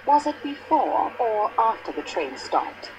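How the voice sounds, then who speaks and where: French lady detective, polite n formal, lively pitch, hissy background. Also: unhurried, poor audio. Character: patient young French female investigator.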